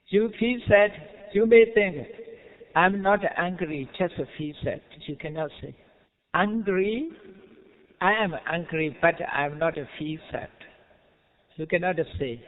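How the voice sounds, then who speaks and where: A Buddhist monk with a Burmese accent gives a lecture in plain, broken English, often asking his listeners whether they follow. His voice sits high and sounds smooth and resonant. The recording is narrow and tinny, like a phone line. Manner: simple non-native English, frequent rhetorical checks and soft chuckles. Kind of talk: dharma lecture.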